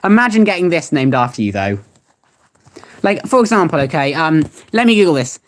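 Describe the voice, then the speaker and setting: A young adult streamer chats casually while reading web search results aloud, rambling and laughing at what turns up. The voice is medium-pitched, very animated and brisk.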